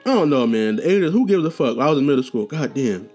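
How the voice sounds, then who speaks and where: A man's voice: mid-range voice, big pitch swings, fast, a little mellow, soft background music. A young man hosting a casual storytelling podcast, talking loose and profane with slang, restarts and tangents. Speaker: podcast host.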